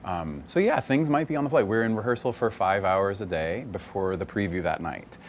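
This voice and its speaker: A young man from the US West Coast, an actor chatting casually in an interview, animated and laughing often. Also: deep voice, a little fast, slight background noise. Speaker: actor guest. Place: bar.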